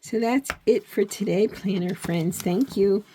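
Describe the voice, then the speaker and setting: A woman's voice: mid-range voice, a little slow, warm tone, a little hiss or hum. A woman vlogging as she sets up her journal, talking earnestly and encouragingly straight to her viewers, often checking in with them. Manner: reflective, with frequent "okay?" check-ins. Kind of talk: casual heartfelt talk while crafting.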